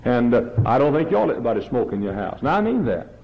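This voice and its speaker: A middle-aged man preaching a revival sermon, hammering one question over and over and climbing to loud peaks. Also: medium pitch, big pitch swings, quick pace, gravelly. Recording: dull lo-fi church recording.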